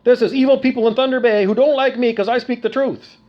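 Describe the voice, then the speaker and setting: A man's voice: very high-pitched, fairly even intonation, quick pace, muffled recording. A middle-aged man from Canada ranting angrily to camera, profane, accusatory and repetitive. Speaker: vlogger. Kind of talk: angry rant to camera.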